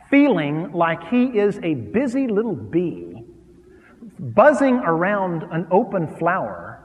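Animated preaching man in an echoing hall. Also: sits high, muffled recording. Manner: animated, jokey preaching with dramatic pauses. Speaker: pastor. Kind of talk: sermon. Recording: long hall reverb.

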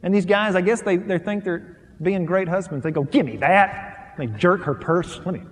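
Man preaching, pretty high voice, punchy and animated, long hall echo. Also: moderate pace. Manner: emphatic preacher, animated delivery, swings between loud and soft. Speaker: pastor. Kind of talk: sermon on marriage to a live audience. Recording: long reverb of a large hall.

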